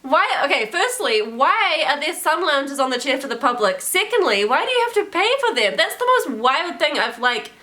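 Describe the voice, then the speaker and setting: A young woman from New Zealand, with her country's accent, chats to camera in a loose, animated way, full of "like" and "eh". Her voice is bright and sits a little high. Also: moderate pace, few pauses. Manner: chatty, animated, many "like"s and "eh"s. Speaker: travel vlogger. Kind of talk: casual vlog chat.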